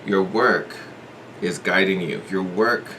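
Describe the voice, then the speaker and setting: Guy doing a chill tarot reading, lowish voice, hedges and repeats himself, encouraging. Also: takes it slowly, pushed and bright, slight background noise. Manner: thinks aloud with hedges and repeats, earnest and encouraging. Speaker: tarot reader.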